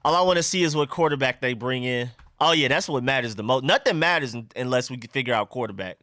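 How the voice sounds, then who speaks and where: Talking fast in a mid-range voice with a sharp tone, a young man runs a live stream, reading viewer comments and chatting loosely. It's studio-quality audio without any room sound.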